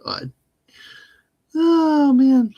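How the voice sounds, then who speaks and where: A man co-hosting a live stream, making jokey, animated asides in casual chat. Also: extremely high pitch, drawn-out words, no echo, lo-fi sound. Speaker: co-host.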